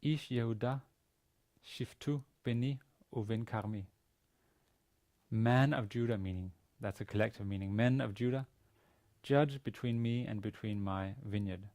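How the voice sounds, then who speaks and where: A man with a voice on the low side, a little slow and a little mellow, teaches a university Biblical Hebrew lesson. Methodically, he reads each Hebrew sentence aloud, translates it, and explains the grammar step by step.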